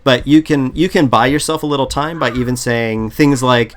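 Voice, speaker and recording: A man coaching on interview prep in a relaxed, chatty way, often restarting sentences, on a video call. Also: mid-range voice, normal speed. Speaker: product management coach. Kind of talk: casual advice chat.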